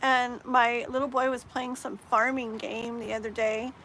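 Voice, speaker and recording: Chatty woman tarot reader, slightly high voice. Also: flat delivery, a little slow, slight background noise, poor audio. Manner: chatty, rambling, drops into soft murmurs. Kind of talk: casual live-stream chat.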